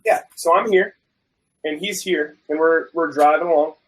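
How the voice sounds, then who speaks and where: A man guest on a chat show, telling a story in a casual, animated way and acting out the quoted people. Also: a little high, normal speed, rough recording. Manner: animated, acts out both sides of quoted dialogue. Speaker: guest food reviewer.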